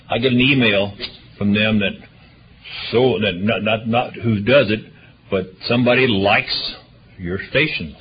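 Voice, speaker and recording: A man serving as church deacon, reading out prayer requests and announcements in a rambling, chatty way with frequent hesitations. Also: lowish voice. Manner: rambling, chatty, self-correcting with many uhs. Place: church meeting room. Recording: muffled livestream audio with faint hiss.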